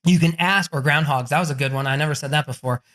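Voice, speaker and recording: A brash man on a podcast, speaking in a bright, forceful voice. His advice comes fast and full of swearing. He often breaks into the voices of people he quotes. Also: on the high side. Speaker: guest author.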